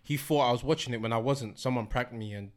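A man's voice: mid-range voice, fast talker. A young man telling a story in casual chat among friends, slangy and laughing often.

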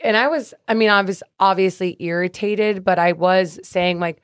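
A woman guest on a podcast, telling a story in casual chat, animated, swearing freely and acting out the people she quotes. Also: medium pitch, moderate pace, few pauses, dry recording, clean studio sound. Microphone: studio podcast mic.

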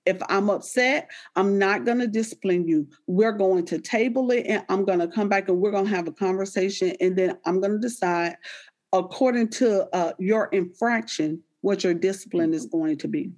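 A woman, animated and laughing as she tells stories about raising her children in a candid conversation. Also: medium pitch, normal speed. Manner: animated storyteller, quoting herself to her kids, laughs often.

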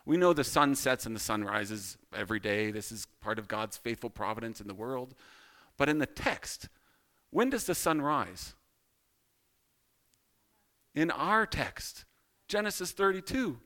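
A man's voice: fairly high pitch, pushed and bright. A man teaching a Bible study in a casual, self-deprecating way, asking rhetorical questions.

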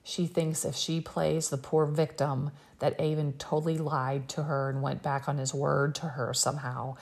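Woman recap commentator, husky creaky voice, animated, exasperated. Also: low voice, moderate pace. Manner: animated, exasperated, quotes people in raised voice. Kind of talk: casual recap chat.

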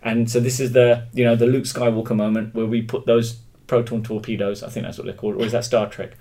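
A man's voice: mid-range voice, level tone, fast, mellow. An English man speaking as an interview guest, opinionated and emphatic, thinking aloud with frequent restarts in a casual conversation.

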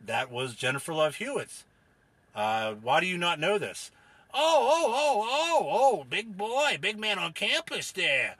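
A man's voice: high voice, big pitch swings, unhurried, bright, forceful tone, breathy edge, no echo, full character voice. A man doing a rambling, dim-witted dad. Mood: confused, eager. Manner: rambling, confused, eager. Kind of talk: improvised comedy character.

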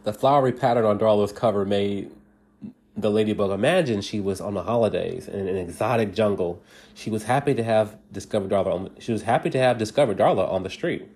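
A man casually reading a bedtime story aloud, halting and restarting often and laughing at himself along the way. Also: fairly low pitch, a little mellow, breathy edge.

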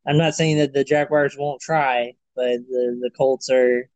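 A man with a mid-range voice hosts a sports podcast from his computer over a remote call. He is easygoing and pauses on "uh" often. The sound is dry and close. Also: mid-range voice, fairly even intonation, a little mellow, dry recording, rough recording. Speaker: podcast host. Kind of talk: casual sports chat.

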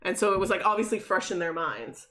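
A woman's voice: medium pitch, expressive, quick pace, fairly bright tone, rough recording. A young woman co-hosting a podcast, recounting convention anecdotes in casual chat. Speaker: podcast co-host.

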